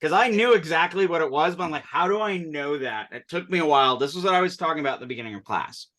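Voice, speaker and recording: A man with a bright, forceful, slightly high voice runs a language class. He walks students through their readings and patiently corrects how they say the words, with quick asides along the way. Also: animated. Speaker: Sanskrit teacher. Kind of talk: online class instruction.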